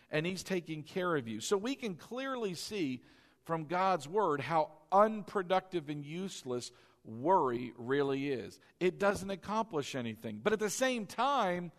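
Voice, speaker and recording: A man pastor preaching a sermon, animated and leading the congregation to repeat lines after him. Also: high-pitched.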